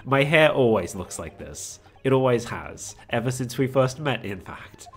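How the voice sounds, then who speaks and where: Man reading as a hesitant young british lawyer, soft-spoken, lively pitch. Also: measured pace, faint music behind. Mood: glum. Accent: British, put on. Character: mild, glum young male lawyer.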